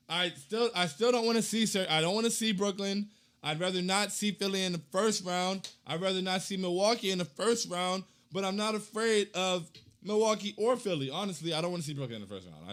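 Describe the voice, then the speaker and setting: Hosting a relaxed postgame chat, a young guy reads comments from fans with plenty of slang and hype. At times he chants loudly, at others he mutters low.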